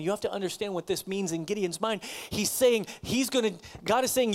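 A man preaches a sermon in a casual, direct way. He pushes his points with emphasis, then drops his voice low, close to a whisper. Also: steady tone, moderate pace, few pauses. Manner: emphatic, often dropping to near whispers. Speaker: pastor.

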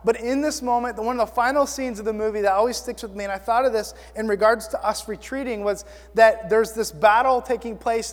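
A man delivers a sermon in a loose, chatty way, joking at his own corniness as he retells a story. His voice sits very high for a man. The sound carries a long reverb, like a large hall. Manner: casual, self-deprecating preaching with animated storytelling. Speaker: pastor.

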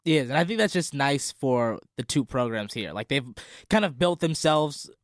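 Smooth-voiced man in casual sports chat. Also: mid-range voice, animated, moderate pace, dry recording, clean studio sound. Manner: earnest, reflective storytelling.

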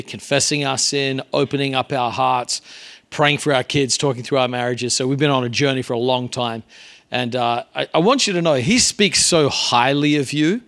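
A man's voice: mid-range voice, fairly bright tone. A man preaching as a guest pastor at a church, earnest and conversational, with frequent fillers. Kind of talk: sermon. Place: church sanctuary.

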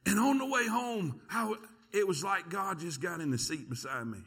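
A pastor preaching a sermon, telling a story with lively energy and quick repeated words. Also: male voice, a little high, husky. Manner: storytelling, animated, repeats words when excited.

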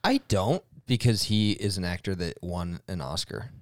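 A man's voice: deep voice, lively intonation, moderate pace, no echo, clean studio sound. A man in a casual movie chat, blunt and matter-of-fact.

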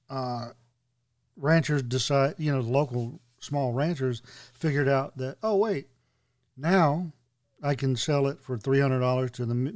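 A man's voice: mid-range voice, darkish tone. A man in casual podcast chat, telling stories with a wry, sarcastic edge.

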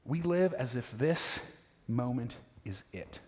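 A man's voice: mid-range voice, lively intonation, takes it slowly, darkish tone. A man in his thirties or forties preaching a sermon as a pastor, telling stories conversationally and asking the congregation rhetorical questions. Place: church sanctuary. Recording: long reverb of a large church hall.

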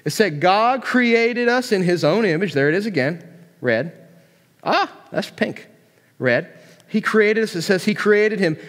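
A man's voice: sits high, a bit bright. A man preaching a casual, joking sermon to a young group, often restarting his sentences. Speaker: youth pastor. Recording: long hall reverb.

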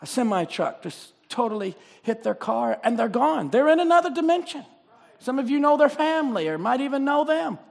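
Guy preaching in a church, real high voice, shouts then goes soft, long echo off the walls. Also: big pitch swings, fairly quick, creaky. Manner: impassioned, swings between shouting and quiet reading. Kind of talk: sermon. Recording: reverberant church sanctuary.

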